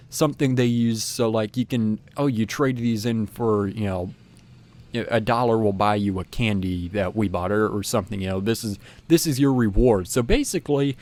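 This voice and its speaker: A man's voice: medium pitch, a little mellow. A young man telling a personal story in a casual, rambling way, with lots of fillers and restarts. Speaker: channel host.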